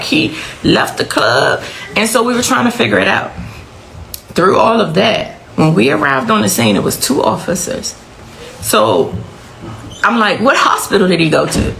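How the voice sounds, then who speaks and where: Intense middle-aged woman with gravelly voice. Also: mid-range voice, fairly bright tone, slight background noise, low-quality recording. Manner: intense, repeats phrases for emphasis. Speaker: mother of a victim. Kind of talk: emotional personal account.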